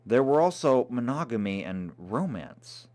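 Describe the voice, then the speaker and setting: A man reading a novel aloud in a dramatic, expressive way. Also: mid-range voice, measured pace. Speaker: reader.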